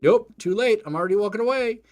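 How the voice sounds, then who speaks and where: A man voicing an upbeat, friendly suburban dad, raising his voice to a bright, chatty tone. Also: high-pitched, expressive, fast, voice pushed up. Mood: cheery. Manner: cheery, chatty, bright-toned. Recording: faint game music behind.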